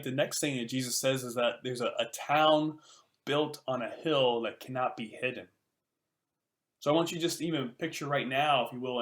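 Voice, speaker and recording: A man's voice: mid-range voice, fairly bright tone. A male pastor giving a conversational sermon, explaining a Bible passage with casual asides.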